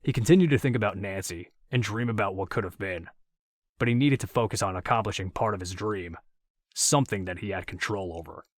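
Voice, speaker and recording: A male audiobook narrator with a lowish voice, reading in a steady, measured way. The sound is close and dry, with no room echo.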